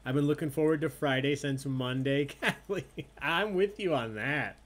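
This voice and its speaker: A man hosting an online trivia night, announcing questions and scores in a loud, playful way. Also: fairly high pitch, normal speed. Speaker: trivia host.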